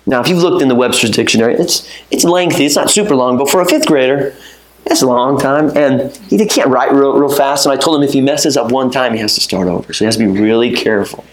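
Impassioned male preacher in a roomy church. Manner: impassioned, swings from low and measured to high and urgent. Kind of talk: sermon. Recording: roomy echo.

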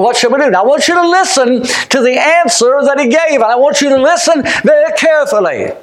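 A man preaching a fervent sermon. He shouts some points, drops to quiet asides for others, and often repeats or restarts his words. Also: very high-pitched. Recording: echoey room.

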